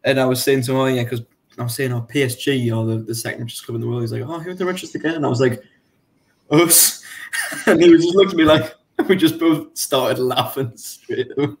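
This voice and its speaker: A young man guesting on a football podcast over a video call, halting and laughing easily as he tells stories. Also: medium pitch. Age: young adult. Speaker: podcast guest, fan blogger. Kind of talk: casual football podcast chat.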